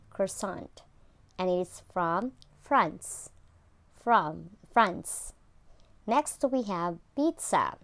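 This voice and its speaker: Slow, clear-voiced woman teaching English. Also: medium pitch. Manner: repeats each word twice, draws out sounds. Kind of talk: slow, repetitive pronunciation lesson.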